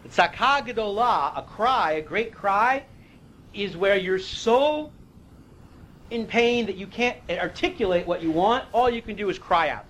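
A man's voice: sits high, lively intonation, a little slow, fairly bright tone, a little hiss or hum, rough recording. A man teaching a Torah class, reading Hebrew verses and explaining them in a casual, conversational way, sometimes losing his place.

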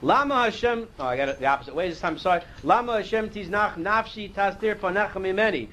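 A man's voice: sits high, fast talker, hardly any pauses, pushed and bright, slight background noise, low-quality recording. A man teaching a Torah class, reading Hebrew verses and explaining them in a casual, conversational way, sometimes losing his place.

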